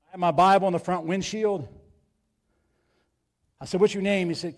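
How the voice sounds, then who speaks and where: A man with a high voice preaches a sermon as a pastor. He tells a personal story and keeps asking his listeners questions, repeating words as he goes. His delivery swings between loud, urgent calls and hushed, quiet passages. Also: fast.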